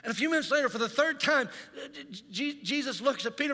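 A male pastor preaching a Sunday sermon in a church, telling stories in an animated, dramatizing way. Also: very high-pitched, fast talker, in a large hall. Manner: animated storytelling, dramatizes scenes. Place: church sanctuary.

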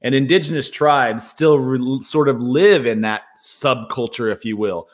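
A man's voice: mid-range voice, measured pace. A man hosting a podcast, thinking aloud as he talks and poking fun at himself for rambling. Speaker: podcast host. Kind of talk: casual conversational interview.

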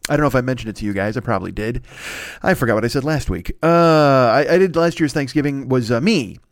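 A man's voice: mid-range voice, fast, dry recording, studio quality. Rambling, profane man hosting a podcast. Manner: rambling, profane, self-mocking comic riffs. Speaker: podcast host. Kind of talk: solo podcast monologue. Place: at home.

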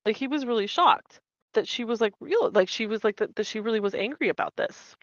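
A woman co-hosts a relaxed book-discussion podcast, recounting scenes animatedly and slipping into the characters' lines. Her voice sits fairly high. The recording is dry and a little dull in tone. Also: fairly quick, dry recording. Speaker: podcast co-host. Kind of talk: casual chat recapping a book.

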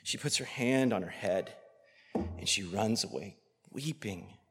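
A man preaching a sermon with passion, swinging between loud outrage and hushed, near-whispered tenderness. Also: on the low side, measured pace, slightly rough. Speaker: pastor. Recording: long hall reverb.

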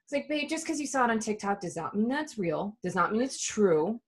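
A woman co-hosting a podcast, telling casual, animated stories with lots of swearing and laughter. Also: medium pitch, fairly quick. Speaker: podcast co-host. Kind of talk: casual chat.

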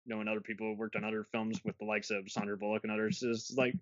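A man's voice: lowish voice, flat delivery, racing, a bit bright, dry recording. A man hosting a casual film review podcast, rambling and restarting his sentences with frequent laughs. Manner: rambling, self-interrupting, laughs often. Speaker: podcast host. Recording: dull lo-fi dry sound.

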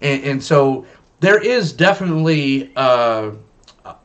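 A man's voice: mid-range voice, lively intonation, measured pace. Male stream host, loose and jokey, rambles through his questions. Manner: jokey, rambling, many fillers. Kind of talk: casual live stream chat.

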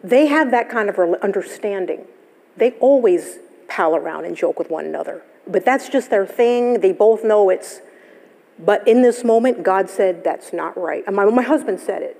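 Gravelly-voiced woman pastor preaching. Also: medium pitch, animated, moderate pace, dark tone. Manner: storytelling, conversational, laughs often. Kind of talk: sermon. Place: church sanctuary. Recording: live church service, long hall reverb.

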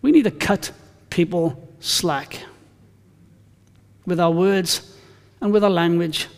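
Male pastor, conversational sermon, high voice, long church-hall reverb. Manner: conversational, anecdotal, emphatic scripture reading.

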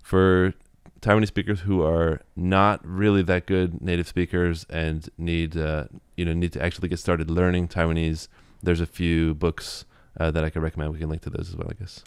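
A man's voice: sits low, little pitch movement, moderate pace, few pauses, slight background noise. A man being interviewed, explaining at length in a casual, thoughtful way with frequent fillers and restarts. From United States. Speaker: guest, Taiwanese language teacher.

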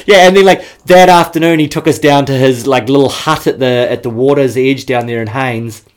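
A man's voice: mid-range voice, fairly quick. Laid-back Kiwi man telling stories. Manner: laid-back, swears freely, laughs often while storytelling. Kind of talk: casual podcast chat.

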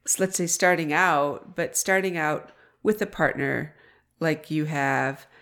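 A woman's voice: low-pitched, measured pace, fairly bright tone. A woman podcast host interviewing a guest in a friendly, encouraging way, laughing along. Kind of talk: casual interview conversation.

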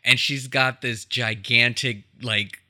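A man's voice: mid-range voice, fairly even intonation, takes it slowly, bright, forceful tone. A man hosting a podcast, chatting casually about a film with many fillers and frequent laughs. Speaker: podcast host.

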